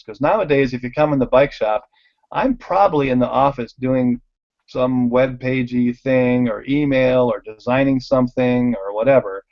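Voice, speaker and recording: This man's medium-pitched voice comes through with lo-fi sound. A bike shop owner, he shares casual stories over slides, impersonating the people in them with animated energy and frequent laughter.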